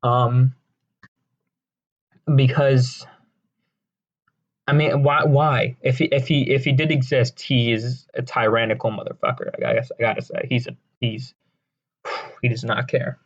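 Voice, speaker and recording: A man rambles through casual deadpan commentary, trailing off into fillers and restarting his sentences. His voice sits at an ordinary middle pitch. The recording sounds a little dull and lo-fi. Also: a little slow, pauses often. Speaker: video creator ranking songs.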